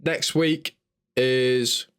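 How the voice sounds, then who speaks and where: A young man telling an animated, sweary story in a casual podcast chat. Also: mid-range voice, extremely slow, clean tone. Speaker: podcast host.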